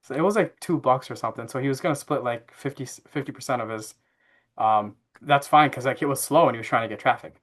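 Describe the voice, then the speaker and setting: A man in his thirties telling a family story as a podcast guest, relaxed and chatty with fillers. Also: medium pitch, fast talker. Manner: animated anecdote-telling with frequent fillers and laughs. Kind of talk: casual interview storytelling.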